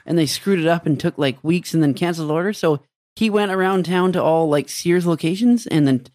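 A man's voice: on the high side, fairly quick, darkish tone. A man telling a rambling story in a casual podcast chat, starting over often.

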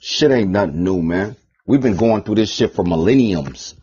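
A man hosting a podcast, ranting in a profane, rambling monologue, repeating himself and swinging between loud bursts and mutters. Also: on the low side, lively intonation, normal speed, slightly rough. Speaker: podcast host. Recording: dull lo-fi podcast recording.

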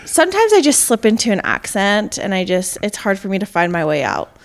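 A young woman co-hosting a casual chat podcast, playful and teasing, firing back quick comebacks. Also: mid-range voice, big pitch swings. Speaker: podcast co-host.

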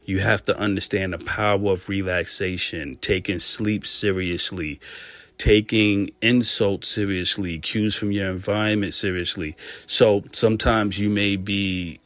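A man's voice: lowish voice, fairly even intonation, unhurried, a bit bright, no room sound. A man giving an earnest motivational monologue on stress and self-care, speaking straight to his listeners and repeating phrases for emphasis. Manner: earnest, preachy, direct address.

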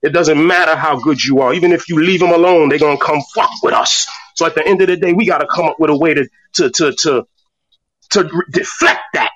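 A man's voice: a little high, fairly quick, fairly bright tone, dull audio. Fiery, profane man ranting. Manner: fiery, profane, repeats words when worked up. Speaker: speaker in an online voice room. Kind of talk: impassioned rant. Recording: distant, breaking-up phone audio.

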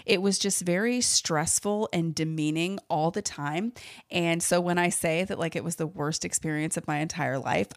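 A woman's voice: sits low, no echo, studio quality. A woman hosting a solo podcast, talking candidly and emphatically about her own church experiences in a casual, filler-heavy way. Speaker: podcast host.

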